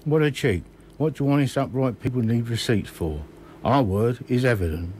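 A man's voice: medium pitch, moderate pace, darkish tone, slight background noise, close to an everyday voice. A man reading as an indignant schoolboy.

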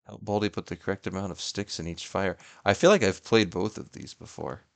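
A young gaming YouTuber gives casual commentary on his gameplay, talking to the game and yelping and laughing excitably at what happens. His voice is low-pitched and gravelly, and he speaks a little fast.

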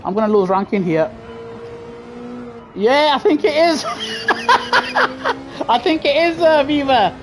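A man's voice: very high-pitched, lively intonation, moderate pace, pauses often, over music. A man streaming a sim racing game live, bantering in a jokey, laughing, cheeky way into a gaming headset at his home rig. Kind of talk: live gameplay commentary.

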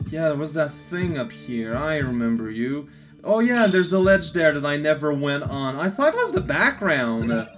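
A man commenting on his video game playthrough, rambling and joking at himself. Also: a little high. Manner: rambling, jokey, self-mocking. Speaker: let's play commentator. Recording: game music playing behind.

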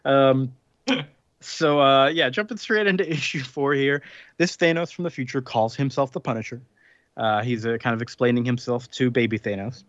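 A man's voice: mid-range voice, a bit bright, no room sound. Chatty man recapping comics, dry lo-fi sound. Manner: rambling recap with frequent fillers and quick laughs. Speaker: podcast co-host recapping comics. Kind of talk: casual chat.

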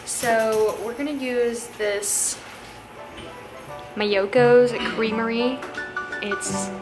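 A woman's voice: on the high side, fairly even intonation, extremely slow. A young woman chatting casually as she cooks at home, narrating each step and laughing often. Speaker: vlogger cooking at home. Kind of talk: casual chat while cooking. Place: home kitchen. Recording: echoey kitchen with music behind.

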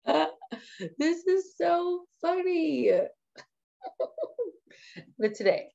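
A woman trainer hosting a casual live tutorial, chatting excitedly and laughing at herself as she works. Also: extremely high pitch, very slow, gravelly, lo-fi sound. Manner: excitable, giggly, self-amused chatter.

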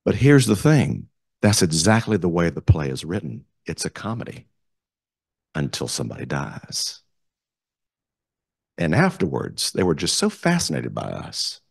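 A man with a Southern US accent, a community theater director telling animated stories as a guest speaker at a club meeting. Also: deep voice, a little slow, gravelly, long pauses, husky, no room sound, studio quality. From South Carolina, US. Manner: animated, enthusiastic storyteller. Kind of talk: storytelling talk to a club.

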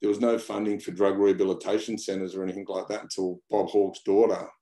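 A low, mellow voice with a level tone and quick pace belongs to an Australian interview guest in casual conversation. He rambles bluntly, repeating his words and sprinkling in slang.

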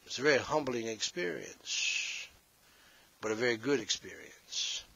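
A man's voice: lowish voice, sing-song, measured pace, vocal fry, bright, forceful tone, breathy edge. A male pastor preaching a sermon, scolding and addressing the congregation directly, heard on a dull, slightly lo-fi recording.

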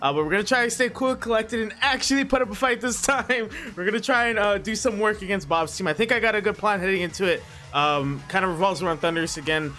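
Excitable nervous young man gaming. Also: high voice. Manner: excitable and nervous, laughs often, stumbles over words. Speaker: Pokemon battle league competitor and channel host. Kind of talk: casual gameplay commentary. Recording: faint background music.

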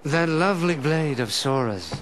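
An actor playing a wry, roguish pirate captain who talks in a dry, sly drawl, in video game dialogue cut into a comedy edit. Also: male voice, fairly high pitch, expressive, normal speed, a little hiss or hum, close to an everyday voice, rough recording. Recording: game audio with music behind.

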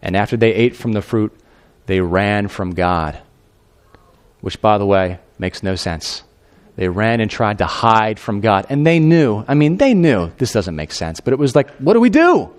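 A male pastor preaching a sermon in a conversational, animated way, with fillers like "you know" and "I mean". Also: fairly low pitch, unhurried.

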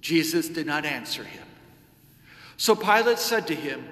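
A man serving as lector, giving a measured, solemn liturgical scripture reading in a church. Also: a little high, very animated, fairly bright tone. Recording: echoey church with long reverb.

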